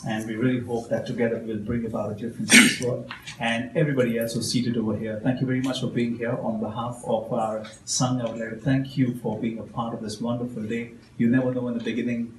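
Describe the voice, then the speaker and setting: A man, a motivational speaker telling a story to an audience with slow, emphatic phrasing. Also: medium pitch, little pitch movement. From India. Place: event hall at a consulate. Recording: roomy hall with faint background noise.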